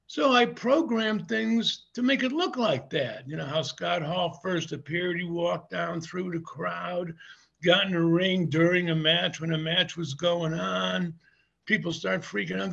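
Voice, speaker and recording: Gravelly older man telling wrestling stories. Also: high voice, unhurried, dull audio. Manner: rambling, animated anecdotes with laughs. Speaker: former wrestler, guest. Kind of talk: casual interview storytelling.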